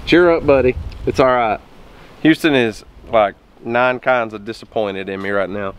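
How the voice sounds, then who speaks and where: Man, 30s, Oklahoma accent, homestead vlog host, gentle, teasing, outdoors, shotgun mic. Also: medium pitch, normal speed, clean tone. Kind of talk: casual outdoor vlog chat. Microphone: camera-mounted shotgun mic.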